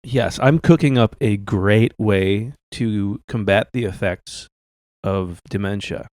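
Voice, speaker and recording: A man hosting a comedy podcast, improvising as a doctor in a deadpan, halting way full of restarts. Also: on the low side, no room sound, clean studio sound.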